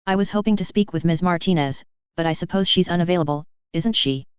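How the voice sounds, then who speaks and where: A woman's voice: on the low side, fast talker, clear, resonant tone, no echo, lightly acted. A woman voicing a wry, laid-back male factory owner who speaks with dry sarcasm, in a dull lo-fi recording. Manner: dry, sardonic.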